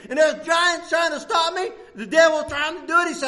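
A man preaching a sermon, animated, jumping between loud bursts and hushed lines and laughing often. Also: very high voice, moderate pace, hardly any pauses.

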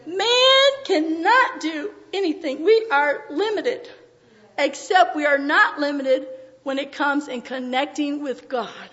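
A woman preaching a sermon with emotion, often pausing on "uh" as her voice breaks. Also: sits high, a bit bright. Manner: emotional, frequent "uh" fillers, voice breaking. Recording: dull audio in a reverberant hall.

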